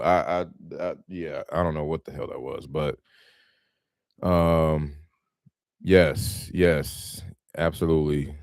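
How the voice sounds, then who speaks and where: Male host for a live chat, low voice that swings widely, close and dry, animated slangy storyteller who laughs a lot. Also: no echo. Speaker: real estate wholesaler and show host. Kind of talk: casual live-stream chat.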